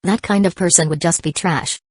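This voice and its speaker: A woman voicing a calm, blunt young man who speaks steadily and matter-of-factly. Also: lowish voice, normal speed, breathy edge, no echo, clean studio sound. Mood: steady.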